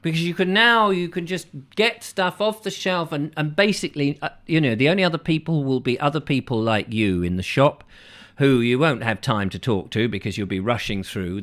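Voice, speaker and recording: A man's voice: mid-range voice, fairly bright tone. A middle-aged English man hosting a comic live chat show, rambling and acting out chatty shop exchanges. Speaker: host.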